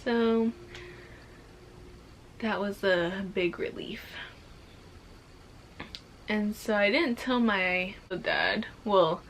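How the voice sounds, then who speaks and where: There's a little hiss or hum behind this young adult vlogger, a pregnant woman whose medium-pitched voice sounds a bit bright. She casually recounts something personal to camera at a slow pace, full of fillers such as "like," and becomes increasingly emotional.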